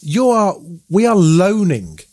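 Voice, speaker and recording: A man's voice: sits high, big pitch swings, takes it slowly, a little mellow, dry recording. A man from the United Kingdom co-hosting a podcast, talking in a chatty, rambling way with many fillers and restarts. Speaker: podcast co-host. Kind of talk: casual podcast chat.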